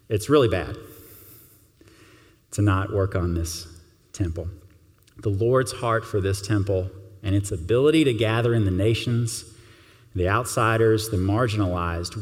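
Male pastor, low voice, earnest and gentle sermon delivery, reverberant hall sound.

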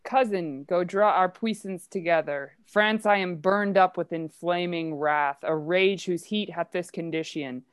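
Brief: furious king declaring war, read by a woman, low and dry. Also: measured pace, hardly any pauses, dry recording, close to an everyday voice. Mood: wrathful. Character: wrathful male king vowing war. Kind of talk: Shakespeare play reading.

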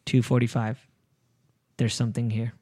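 A man's voice: mid-range voice, level tone, moderate pace, warm tone, no echo, studio quality. A man hosting a podcast, telling a story in a rambling, casual way with frequent swearing. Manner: rambling, restarts, swears often. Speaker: podcast host.

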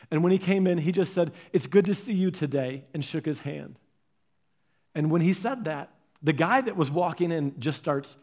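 A man's voice: a little high, highs cut off. Earnest man preaching a sermon. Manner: earnest storytelling, swinging from loud stresses to soft, hushed lines. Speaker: pastor.

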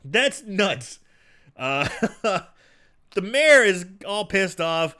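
A man's voice: high voice, extremely slow. A man casually recapping a movie on a podcast, acting out characters' lines and laughing often. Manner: animated storyteller, acts out lines, laughs often. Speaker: podcast co-host.

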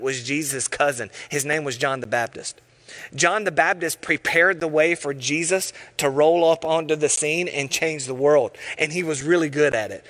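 A man preaching a sermon, telling stories with animated voices and sometimes dropping to a hush. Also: a little high. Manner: animated storytelling, acting out voices, dropping to hushed tones. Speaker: pastor.

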